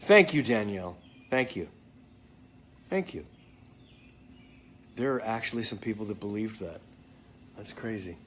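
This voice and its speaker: A man's voice: fairly low pitch, lively intonation, measured pace, long pauses, slight background noise. A man casually answering fan comments, joking and swearing freely. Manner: joking, profane, off the cuff. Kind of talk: casual live chat.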